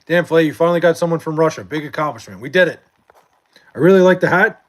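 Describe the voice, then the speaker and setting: A man's voice: fairly high pitch, expressive, fast talker. A young man hosting a live stream, chatting casually about sports in a profane, rambling way with many restarts and fillers, late at night at home. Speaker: livestream host reading chat.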